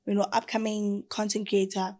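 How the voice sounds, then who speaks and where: A young woman with a South African accent, chatting as a podcast guest in an animated way and mixing in Zulu phrases. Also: medium pitch, normal speed. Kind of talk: casual chat.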